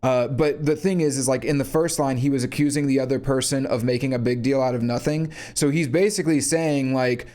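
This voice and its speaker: A man's voice: medium pitch, normal speed, few pauses, a little mellow. A man giving a casual, blunt critique of a song, sarcastic and free with swearing. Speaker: song reviewer.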